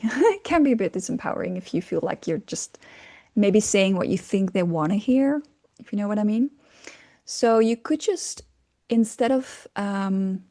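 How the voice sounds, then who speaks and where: A woman's voice: mid-range voice, warm tone. A woman coaching on communication, explaining casually with fillers, hesitations and frequent little laughs.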